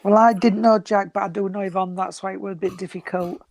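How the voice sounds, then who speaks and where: A woman's voice: medium pitch, fairly even intonation, fast talker, gravelly, darkish tone. A woman giving spirit messages as a medium, affectionate and calling listeners sweetheart and darling. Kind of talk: giving spirit messages in an online healing service.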